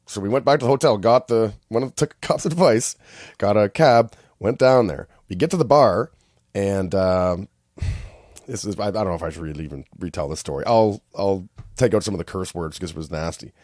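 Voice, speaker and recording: A Canadian man co-hosting a podcast, telling travel stories in casual chat and acting out other people's lines in high voices. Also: a little fast, dry recording, clean studio sound. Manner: animated storyteller, acts out quotes in high voices. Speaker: podcast co-host.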